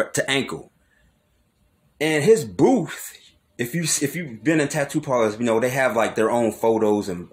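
Animated young man telling a story. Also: medium pitch. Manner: animated, repeats words, slangy asides. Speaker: YouTuber telling a personal story. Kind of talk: casual storytelling monologue.

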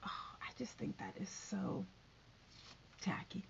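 A woman's voice: medium pitch, fairly even intonation, takes it slowly, long pauses. A woman vlogging from home, chatting bluntly and gossiping in a casual commentary. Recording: dull lo-fi recording.

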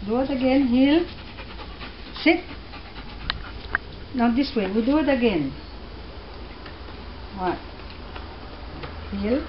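Slow-talking Australian woman coaxing a dog. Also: a little high, animated. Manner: coaxing, praising commands to a dog. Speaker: dog foster carer. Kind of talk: training a dog on home video. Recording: muffled noisy home video.

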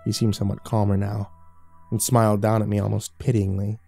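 A man reading a horror story aloud in a dramatic, slow, drawn-out narration. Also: on the low side, little pitch movement, creaky, warm tone, soft background music.

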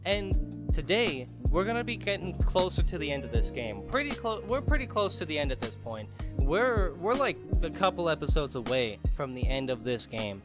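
A man commentating a video game as he plays, excitable, laughing and swearing, talking back to the characters on screen. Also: on the high side, moderate pace, over music. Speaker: gaming YouTuber. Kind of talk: let's play commentary.

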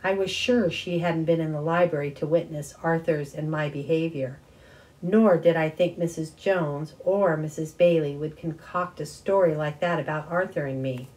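Woman reading a chapter book out loud, warm low voice, expressive. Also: moderate pace, rough recording. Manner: expressive first-person narration. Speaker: audiobook reader. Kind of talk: storybook reading.

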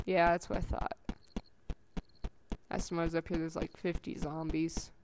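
A woman giving chatty let's-play commentary on a survival game, gasping at finds and breaking into squeaky sing-song calls. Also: level tone, normal speed, long pauses, a little mellow, slight background noise. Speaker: gameplay commentator.

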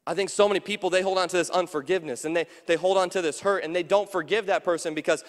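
A man, a pastor, preaches in a fairly high voice and talks with the room, asking the congregation questions and slipping into quoted voices. His voice rings with the long reverb of a church sanctuary. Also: quick pace, hardly any pauses. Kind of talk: sermon.

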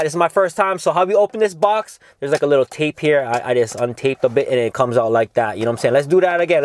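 A young man talking in a casual, laid-back vlog review, full of slang and swearing, calling his viewers dog and bro. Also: a little high. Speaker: cannabis reviewer.

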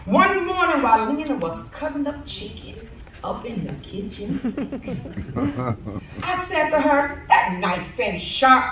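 A woman giving a eulogy as a spoken-word poem, laughing through lines and swinging from loud to hushed, recorded from far off in a funeral hall. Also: sits high, very animated, measured pace, pauses often. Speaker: family member giving a eulogy.

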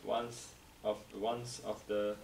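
A man in a reading group, reading a story aloud in a steady, careful way. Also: lowish voice, takes it slowly. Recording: roomy, distant mic with clear noise.

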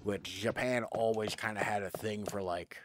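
A man's voice: on the low side, steady tone, moderate pace, background noise. A man streaming a video game, chatting casually and rambling as he plays. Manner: rambling, self-correcting, chatty. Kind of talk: casual gameplay commentary. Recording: game music playing behind.

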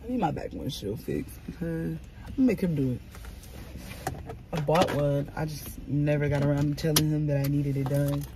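A woman chatting casually to her camera from inside a car, animated and swearing freely as she talks to herself. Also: low-pitched, normal speed. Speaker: vlogger. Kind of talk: casual car vlog chat. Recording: car noise behind the voice. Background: vehicle ambience.

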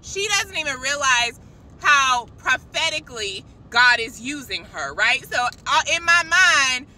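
A woman telling a casual, animated faith testimony, chatting directly to her viewers. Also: high voice, a little slow, rough recording. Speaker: christian vlogger.

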